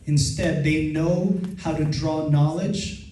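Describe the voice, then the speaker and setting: A man from the Philippines whose first language is Filipino, giving an energetic motivational seminar talk. He laughs often and leads the crowd in call-and-response. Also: on the high side, slow pace. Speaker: seminar speaker and trainer. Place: large event hall with a live audience. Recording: echoey hall, voice far from the mic.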